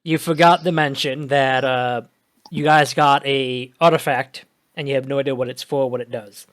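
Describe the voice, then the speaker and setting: A man acting as game master, calmly correcting players with small hesitations. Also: medium pitch, moderate pace. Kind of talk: casual table talk.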